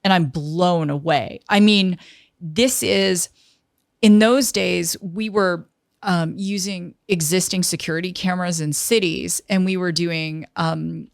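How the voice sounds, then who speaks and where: Gravelly-voiced woman telling a story. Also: on the low side, dry recording, clean studio sound. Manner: lively storyteller who acts out quoted dialogue. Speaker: interview guest, tech entrepreneur. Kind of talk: storytelling in an interview.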